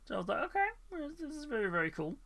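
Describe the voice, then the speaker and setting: Bright-voiced chatty male streamer. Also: high voice, very animated, rapid-fire, gravelly. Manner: chatty, many fillers, laughs often. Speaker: hobby stream host. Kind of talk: casual live-stream chat.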